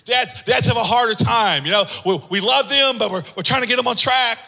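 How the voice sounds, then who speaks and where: A man's voice: extremely high pitch, fairly quick, vocal fry, pushed and bright. A man preaching a sermon with impassioned, sung-out lines, acting out voices in his stories. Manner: acts out voices in anecdotes. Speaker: pastor. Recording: long hall reverb.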